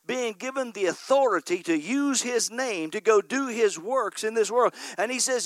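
A man's voice: high voice, expressive, moderate pace, few pauses, no room sound. A man preaching a sermon as a pastor, emphatic and repeatedly calling out to the congregation for an "Amen". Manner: emphatic preaching, punctuated by frequent call-outs of "Amen?".

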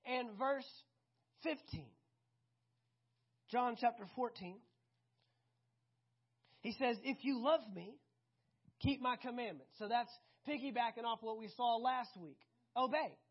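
A woman preaching a sermon, animated and conversational, often asking the congregation questions. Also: a little high, takes it slowly, long pauses, breathy edge, highs cut off.

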